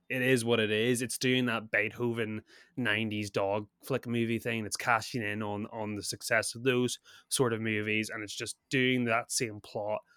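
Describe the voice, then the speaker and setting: A man with a lowish, fairly bright, clean voice co-hosts a podcast, chatting casually about a film while sounding a bit sick. He rambles, laughs often and restarts frequently, all in clean studio sound with no room tone.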